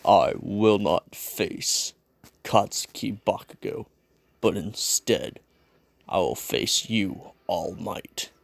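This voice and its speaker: A man voicing an aloof, armored teenage boy hero who speaks in a flat, sarcastic way. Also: lowish voice, slow, gravelly, pitched below the performer's own voice, exaggerated voice. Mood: deadpan.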